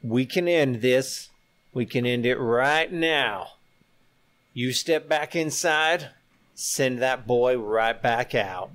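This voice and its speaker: A man playing a slow, grave Western lawman. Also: medium pitch, a bit bright, pitched above the performer's own voice. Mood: stern. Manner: slow, measured, solemn drawl.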